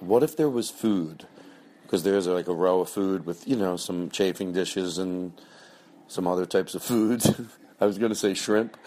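Casting: a middle-aged male podcast host with a low voice, loose and joking, chatting off the cuff. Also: a little mellow. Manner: loose and joking, breaks into high mocking voices for bits. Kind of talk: casual rambling monologue.

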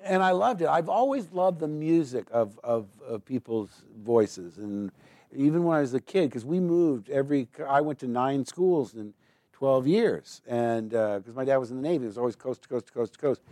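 A man's voice: medium pitch, lively intonation, mellow, no echo. Rambling American man in a dry room. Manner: rambling, quick, full of restarts and asides. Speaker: voice actor interviewed as a guest. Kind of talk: casual interview storytelling.

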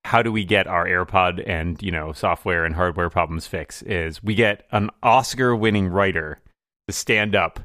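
A man's voice: low voice, normal speed, pushed and bright, no room sound, clean studio sound. A man co-hosting a casual tech podcast, rambling with lots of fillers and frequent laughs. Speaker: podcast co-host.

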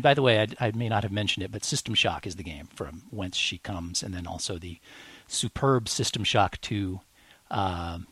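On this podcast the male co-host's voice sits on the low side with a slightly bright edge, recorded with no echo. He chats with enthusiasm, rambling and restarting often and leaning heavily on fillers.

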